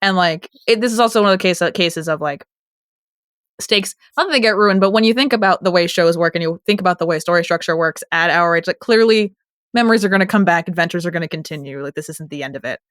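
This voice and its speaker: A woman's voice: lowish voice, fast, a bit bright, no room sound, studio quality. A woman in her late twenties co-hosting a TV recap podcast in casual chat, chatty and emotional, laughing often. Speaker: podcast co-host.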